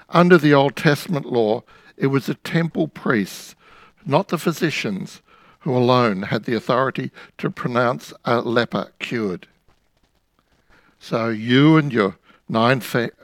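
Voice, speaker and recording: A man preaching a sermon, retelling a scripture story in the second person with vivid, dramatic pauses. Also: medium pitch, no room sound.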